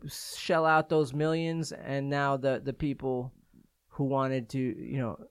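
A man's voice: medium pitch, level tone, slow, clean tone, no room sound. A man hosting a podcast in casual chat, easygoing and asking his co-hosts questions. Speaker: podcast host.

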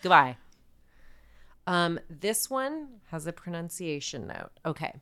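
A woman's voice: fairly low pitch, very animated, slow pace, fairly bright tone. A woman co-hosting a podcast in casual chat, jokey and teasing, often slipping into silly made-up rhymes. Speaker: podcast co-host.

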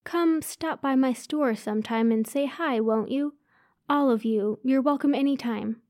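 A woman voicing a calm, motherly older female shopkeeper who scolds gently. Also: sits high, a little slow, dry recording, studio quality. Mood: warm.

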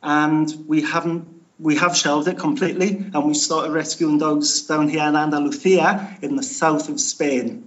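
A man's voice: fairly high pitch, fairly even intonation, moderate pace, a bit bright, dull audio. A man from Newcastle with a Geordie accent, chatting casually as an interview guest and laughing at himself. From Newcastle, England. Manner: chatty, self-deprecating, laughs often.

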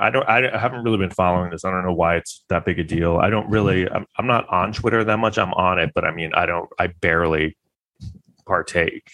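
A man's voice: sits low, fairly bright tone. A man talking in a rambling, wry casual monologue, full of fillers and restarts.

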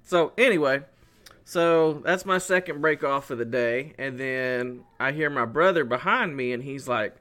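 This man co-hosts a podcast and speaks a little slowly in a mid-range voice. He's chatting casually while spinning a story, performing the dialogue of himself and others as he goes.

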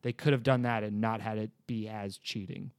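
A man hosting a casual movie review chat, talking in a relaxed, rambling way and laughing often. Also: lowish voice, normal speed, gravelly, clear, resonant tone, dry recording, clean studio sound. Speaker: podcast host.

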